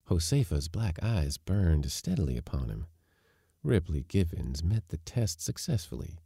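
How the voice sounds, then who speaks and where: A man reading a story aloud in an expressive, wry narrating manner. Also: deep voice, measured pace, creaky, slightly rough, dry recording, studio quality. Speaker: audiobook narrator.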